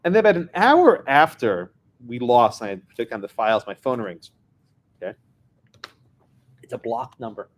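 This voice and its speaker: A man's voice: mid-range voice, big pitch swings, normal speed, pauses often. A man from New York, a lawyer giving a talk, telling anecdotes with wry asides. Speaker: lawyer and guest speaker. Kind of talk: lecture with storytelling.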